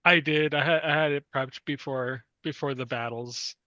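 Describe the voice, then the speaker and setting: A man's voice: medium pitch, steady tone, normal speed, sharp tone, no room sound, highs cut off. A man playing in an online tabletop game, chatty and easygoing. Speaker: player. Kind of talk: casual tabletop game chat.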